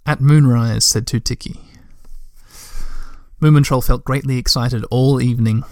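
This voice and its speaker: A man's voice: medium pitch, steady tone, normal speed, darkish tone, no room sound, studio quality. A man reading a children's book aloud, breaking off for chatty asides to listeners. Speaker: reader.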